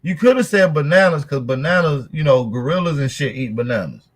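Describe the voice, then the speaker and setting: A man's voice: fairly high pitch, lively intonation, a little fast, a crowd in the background. A man hosting a livestream, bantering casually and mocking a caller in a brash, profane way. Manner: brash, mocking, trash-talking. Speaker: livestream host.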